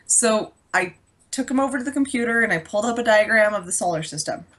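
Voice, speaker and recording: A young woman tells a story on a casual podcast, her voice bouncing up and down with animated energy. Her voice is a bit higher than most, and she swears freely and acts out every line of dialogue. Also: fast talker. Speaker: podcast co-host. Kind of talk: casual chat.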